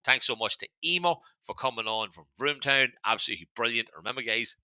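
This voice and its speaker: A man's voice: medium pitch, fast talker, background noise. A man with an Irish accent hosting a podcast in casual chat, chatty and swearing freely while he keeps turning to his listeners. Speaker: podcast host.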